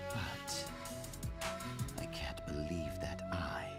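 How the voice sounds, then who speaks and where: An actor playing a sly, sinister ninja scholar in a game cutscene, smooth and mocking, relishing every threat. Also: male voice, a bass voice, extremely slow, in a whisper, heavily acted. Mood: curious. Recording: game cutscene under loud music.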